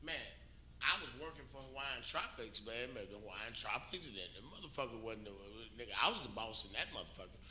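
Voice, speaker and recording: A man's voice: mid-range voice, lively intonation, brisk, bright, forceful tone. A middle-aged man, co-hosting a radio talk show and telling a long story in a profane, emphatic way, often checking in with "you know what I'm saying". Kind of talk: casual storytelling chat. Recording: roomy echo with faint noise.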